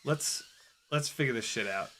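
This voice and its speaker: A young man giving casual running commentary while flying a drone, excitable, often exclaiming and laughing, swearing casually. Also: medium pitch, normal speed, a little hiss or hum. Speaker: FPV drone pilot and video host.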